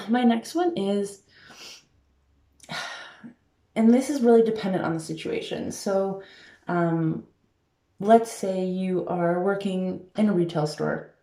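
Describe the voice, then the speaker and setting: Emphatic woman coach, mellow low voice, echoey room. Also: slow, long pauses. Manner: emphatic, frequent filler words. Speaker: life coach. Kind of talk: casual advice talk to camera. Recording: roomy echo.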